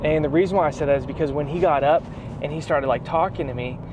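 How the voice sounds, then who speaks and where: A man vlogging in a casual, animated storytelling way, full of slang like bro and dude. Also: fairly high pitch, quick pace, muffled recording, background noise. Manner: excited, animated retelling. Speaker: vlogger, athlete.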